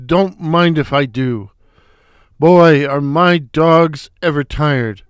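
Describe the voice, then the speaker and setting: A man voicing a brash, wisecracking middle-aged comedian with a loud foghorn voice, firing off punchy gags in a comic story reading. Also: a little high, takes it slowly, smooth, no echo, clean studio sound.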